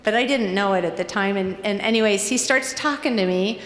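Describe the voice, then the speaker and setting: A woman from Virginia telling a true personal story live on stage in a chatty, animated way, often quoting herself. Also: medium pitch, a little fast. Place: stage in a large hall. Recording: echoey hall reverb.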